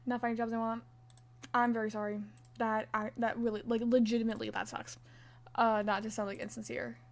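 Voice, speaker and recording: Chatty young woman streamer, slightly high. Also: little pitch movement, brisk. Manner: chatty, playful, reads chat aloud; counts stitches under her breath. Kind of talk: casual live-stream chat while crocheting.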